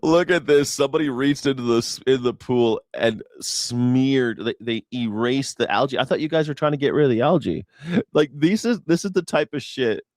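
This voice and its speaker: A man's voice: normal speed, a little mellow, no room sound, clean studio sound. A man hosting a political news reaction show, sarcastic and profane, mocking his targets. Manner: sarcastic, profane, mocking, swings into falsetto parody. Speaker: host.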